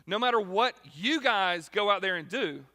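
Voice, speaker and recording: A man preaching a sermon as pastor, animated and acting out quotes, shifting between loud and quiet. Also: high-pitched, normal speed. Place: large church hall. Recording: long hall reverb.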